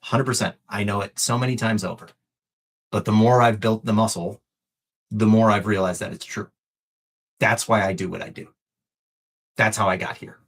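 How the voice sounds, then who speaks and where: A man's voice: lowish voice, fairly even intonation, normal speed, pauses often, a bit bright. A man coaching on a live stream, earnest and encouraging, repeating phrases for emphasis and swearing casually, emotional and close to tears. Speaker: fitness and life coach.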